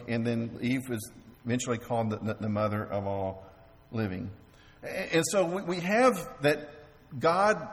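Halting male preacher in a reverberant hall. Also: mid-range voice. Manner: halting, repeats words, asks the congregation questions. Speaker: pastor. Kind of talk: sermon. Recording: long reverb of a large hall.

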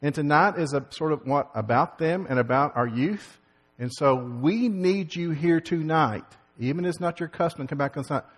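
A man's voice: a little high, moderate pace. A man leading a congregation as pastor, giving folksy church announcements and opening remarks. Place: church sanctuary. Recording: long hall reverb.

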